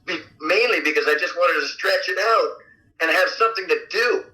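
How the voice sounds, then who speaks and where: Rock singer guy chatting in an interview, super bright sharp voice, acts out quotes all animated. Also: a little fast, poor audio. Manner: animated, acts out quotes with big pitch jumps. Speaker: rock vocalist guest. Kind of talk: casual interview storytelling. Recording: radio interview audio.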